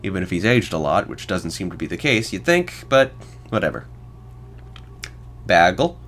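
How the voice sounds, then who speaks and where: A man's voice: sits low, sing-song, moderate pace, fairly bright tone. A man in his twenties hosting a solo podcast, reviewing films with casual commentary and sarcastic, wry asides. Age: 20s. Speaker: podcast host.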